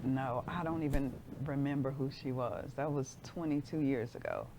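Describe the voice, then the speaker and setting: A woman in her forties, a guest in an interview, telling a personal story with lively acted-out voices. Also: a bass voice, moderate pace, background noise.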